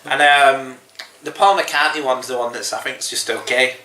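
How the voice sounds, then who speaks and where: Podcast guy, super bright sharp tone, lots of ums, roomy echo. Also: mid-range voice, fairly even intonation, normal speed, slight background noise. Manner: hesitant, frequent ums. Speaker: podcast co-host. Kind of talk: casual chat reviewing a TV episode.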